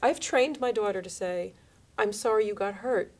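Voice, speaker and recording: Radio host, woman in her thirties or forties, chatty and animated, pitching up and down to act out quoted lines. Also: normal speed. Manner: animated, acts out quoted lines in shifting voices. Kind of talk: casual radio chat.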